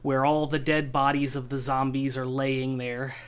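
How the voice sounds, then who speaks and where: A man running a tabletop game as game master, narrating the scene in an easygoing way with frequent pauses. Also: medium pitch, monotone, over a noisy crowd.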